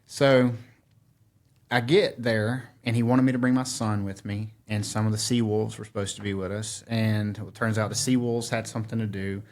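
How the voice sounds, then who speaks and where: A man's voice: on the low side, level tone, normal speed, a little mellow. A middle-aged man, a podcast guest telling a story in casual conversation and acting out his own quotes. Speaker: podcast guest, former firefighter.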